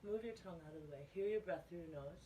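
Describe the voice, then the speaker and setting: A woman fitness instructor leading a guided plank workout, giving calm cues and reminding listeners to breathe. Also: fairly low pitch, quick pace, a little hiss or hum. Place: fitness center room. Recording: echoey room from a distance.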